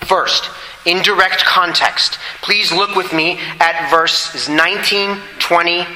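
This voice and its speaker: A man's voice: high-pitched, steady tone, takes it slowly, pushed and bright, a little hiss or hum. A man preaching a sermon to a congregation, earnest and emphatic, repeating his key points. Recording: echoey hall with long reverb.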